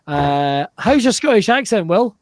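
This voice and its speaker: A man hosting a live online comedy show over a video call, giggly and excitable, swearing playfully. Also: high-pitched, unhurried, no echo, studio quality. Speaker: host.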